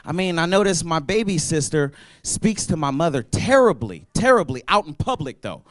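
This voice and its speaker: A man's voice: a little high, very animated, normal speed, no room sound, studio quality. A young man doing a loose, profane stand-up set at an open mic, riffing on the crowd. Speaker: stand-up comedian. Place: comedy club stage at an open mic.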